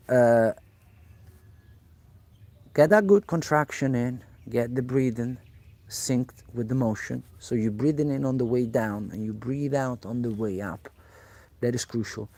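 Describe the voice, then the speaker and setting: A man's voice: medium pitch, a little mellow, no echo. A man working as a personal trainer, answering viewers' questions on a live stream in a direct coaching manner and repeating key points for emphasis.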